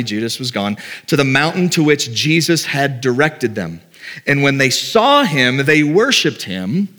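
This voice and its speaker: A man's voice: medium pitch, a bit bright. Middle-aged male pastor, conversational sermon delivery, mid-range voice, acts out quoted doubts.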